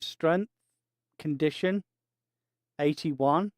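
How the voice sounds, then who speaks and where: A man's voice: a little high, drawn-out words, no room sound, clean studio sound. A man streaming a game, joking and chatting to himself as he plays. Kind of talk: casual gaming commentary.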